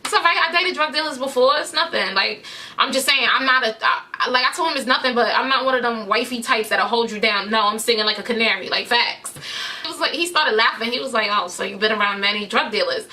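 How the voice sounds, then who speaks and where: A woman tells a personal story straight to her viewers, candid and full of slang. Her voice sits on the high side and rings bright and forward. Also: fast, a little hiss or hum. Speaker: vlogger. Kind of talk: casual storytime.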